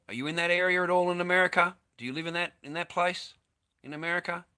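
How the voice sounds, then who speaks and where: A man's voice: fairly high pitch, pushed and bright. A man ranting over news clips in a crude, sweary, sarcastic way. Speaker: online streamer.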